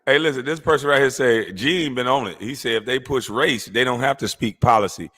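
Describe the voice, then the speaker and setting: A man's voice: mid-range voice, a little fast, no room sound. A man hosting a casual podcast chat, swearing a lot and breaking into laughter as he talks. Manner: profane, animated, laughing. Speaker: host.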